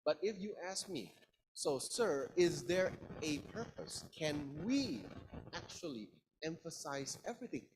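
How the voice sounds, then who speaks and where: A male lecturer runs an interactive class at a slow, easy pace. His voice is lively and sits a little high, and he stretches words out playfully to show emphasis. A faint noise is heard behind him. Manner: playful, drawn-out emphasis, asks the class questions.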